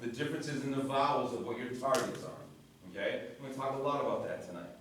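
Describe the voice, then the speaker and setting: A male vocal coach works with a choir, explaining vowel shapes and breathing, singing short examples, and giving quick cues. His voice is medium-pitched with a fairly bright tone, picked up from a distance in an echoey rehearsal hall with a little hiss or hum.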